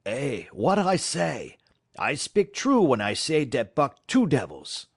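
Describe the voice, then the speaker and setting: A man voicing an excitable, rough French-Canadian dog driver who shouts in broken English. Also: mid-range voice, takes it slowly, no echo, clean studio sound, voice pushed up, heavily acted. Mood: boastful. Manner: loud broken-English exclamations.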